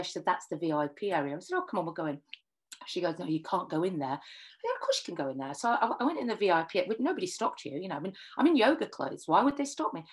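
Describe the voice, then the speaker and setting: Lively storytelling woman, lowish voice. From Northwest England. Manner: lively storyteller, acts out quoted dialogue. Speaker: singer and writer giving a talk. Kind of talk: animated anecdotal talk.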